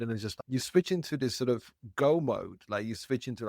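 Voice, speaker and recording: A man's voice: fairly low pitch, quick pace, vocal fry, few pauses, no room sound, clean studio sound. A man hosting a podcast interview, who learned English as an adult, asking long, thoughtful questions and acting out little asides. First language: not English. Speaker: podcast host. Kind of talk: conversational interview.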